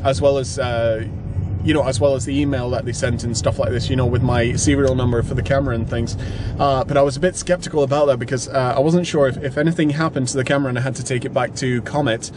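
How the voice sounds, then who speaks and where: This vlogger talks quickly from inside his car in town traffic, his medium-pitched voice fairly even in tone. His chatter wanders, full of fillers and corrections to himself, over the sound of the car and the traffic.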